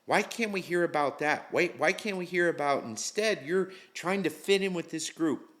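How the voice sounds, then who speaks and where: A man's voice: a little high, normal speed, a bit bright. Middle-aged man, interview guest; candid, casual storyteller, slangy and profane. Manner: candid, slangy, swears freely.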